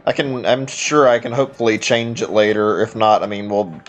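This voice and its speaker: A man's voice: lowish voice, fairly even intonation, brisk, lo-fi sound, faint music behind. Man muttering through a game stream. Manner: rambling, muttering to himself while typing. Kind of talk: casual let's-play commentary.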